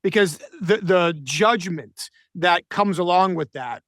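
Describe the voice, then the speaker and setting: A man's voice: high-pitched, takes it slowly, a bit bright, no echo. A male podcast host talking over a remote call, reflective and tentative, often framing his points with "I feel like". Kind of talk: podcast interview, conversational. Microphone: remote call with a mute button.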